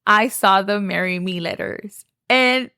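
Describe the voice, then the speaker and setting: A woman's voice: mid-range voice, measured pace, pushed and bright, no echo, clean studio sound. Chatty young woman, lilt. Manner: chatty, gushing, says "like" often. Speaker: podcast host. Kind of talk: casual storytelling.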